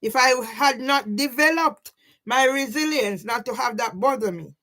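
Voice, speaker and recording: Speaking at a normal speed in a high, fairly bright voice, a woman vlogger pours out an emotional personal monologue to her own camera. She's worked up and swears a lot, regularly tossing in a questioning "yeah?", and comes across as sleepless and overwrought.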